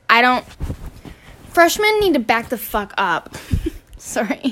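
Teenage girl, podcast rant, exasperated, fairly high pitch, rambling. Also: big pitch swings, slow pace, long pauses, fairly bright tone, slight background noise. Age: teens. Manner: exasperated, swearing, rambling with restarts. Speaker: student podcaster. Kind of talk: ranting casual podcast.

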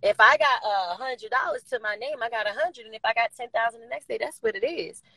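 A woman talking as an interview guest, outgoing, blunt and profane, laughing often and swinging between loud and soft. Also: a little high, fast, dry recording, rough recording. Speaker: interview guest, recording artist. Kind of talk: candid interview talk.

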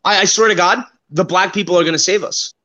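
A man's voice: high-pitched, fast talker, sharp tone, poor audio. A man co-hosting a casual chat, talking emphatically and swearing freely.

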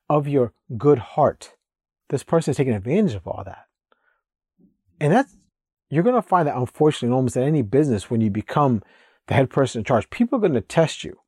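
Blunt man with a mellow, husky voice. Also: medium pitch, no room sound, studio quality. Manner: blunt, emphatic, preachy. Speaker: real estate agent and investor. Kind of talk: casual direct-to-camera advice monologue.

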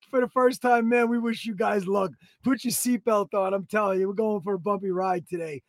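High-pitched man, 30s, loud and excitable, joking, profane, dry close sound. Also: fairly quick, few pauses, dry recording. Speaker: podcast co-host. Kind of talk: casual podcast banter.

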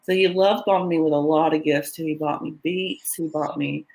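A woman sharing her own story in an interview, candid and halting, with many fillers and quoted dialogue. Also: deep voice, steady tone, vocal fry, a little mellow, low-quality recording. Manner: often quotes others in dialogue. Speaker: interview guest. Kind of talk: personal story in conversation.

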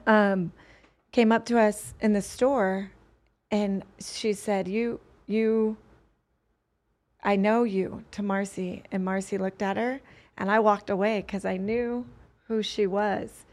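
An adult woman sits in as a podcast guest and tells a personal story in an earnest, winding way. She often breaks off and restarts her sentences. Her voice sits at an ordinary middle pitch. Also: steady tone, a little slow, a little mellow. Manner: earnest, rambling, with many restarts.

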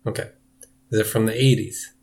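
A man's voice: fairly low pitch, fairly even intonation, brisk, a little mellow. A man co-hosting a comedy podcast in casual chat, leading the bits and quizzing his co-host.

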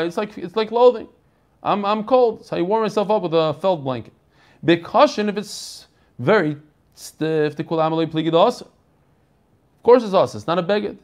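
Man, high voice, American, Talmud lecture, singsong text reading, casual English explanations. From United States. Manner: informal, chatty asides to the class. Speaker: Talmud teacher.

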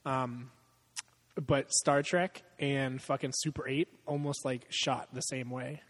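A man of middle pitch rambles through a casual talk about films, swearing freely and laughing at his own jokes. His voice sits at an ordinary height, loose and unpolished. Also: fairly even intonation, slow, big-room sound. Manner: profane, rambling, laughs often. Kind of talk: casual chat about movies.

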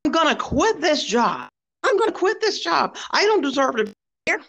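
A woman's voice: high-pitched, lively intonation, moderate pace, fairly bright tone, voice pushed up. A woman voicing a defensive coworker who rants insistently and repeats herself. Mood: hysterical. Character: defensive, ranting woman coworker, near hysterical.

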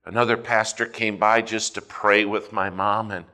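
A male preacher giving a sermon, telling a personal story in an animated way and swinging between quiet and loud passages. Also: lowish voice, moderate pace.

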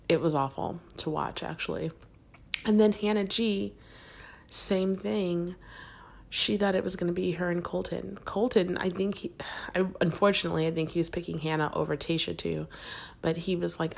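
A woman's voice: fairly low pitch, fairly even intonation, normal speed, creaky. A woman in her thirties hosting a casual podcast from her kids' bedroom, chatty and swearing, often dropping into a whisper. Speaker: podcast host. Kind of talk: casual chat.

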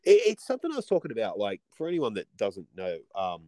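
A man co-hosting a casual podcast chat, rambling and swearing through animated stories. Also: fairly low pitch, fast talker, no room sound. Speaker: podcast co-host.

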